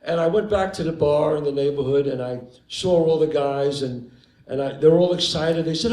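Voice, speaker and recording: An older man from the Bronx with a New York accent spins an animated tale for a live audience and acts out the characters as he goes. His voice sits a little high for a man, and the stage sound rings around the room. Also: fairly quick. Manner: animated raconteur, acts out the people in his stories. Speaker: guest actor on stage. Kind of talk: live onstage storytelling. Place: theater stage before an audience. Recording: roomy live venue with crowd.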